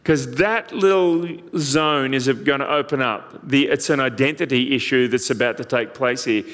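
A man's voice: mid-range voice, moderate pace, in a large hall. A man preaching a sermon as a pastor, telling stories with animation and briefly voicing the people in them. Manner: animated storytelling, voices the people in the story.

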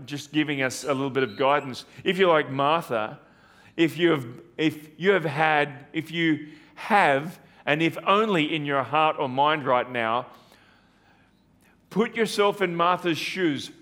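A man's voice: a little high, a bit bright. A man preaching a sermon as pastor, earnest and repetitive, with rhetorical questions.

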